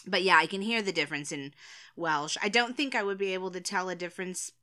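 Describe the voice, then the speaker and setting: Bright-voiced chatty woman podcaster. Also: fairly low pitch, fast. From United States. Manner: chatty, laughs often, trails off mid-sentence. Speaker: podcast co-host. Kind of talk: casual chat.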